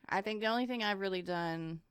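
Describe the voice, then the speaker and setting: A woman's voice: mid-range voice, fairly quick, fairly bright tone, clear, resonant tone, no echo. A woman, co-hosting a podcast in casual chat, rambling and laughing often. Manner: chatty, rambling storyteller who laughs often. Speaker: podcast co-host.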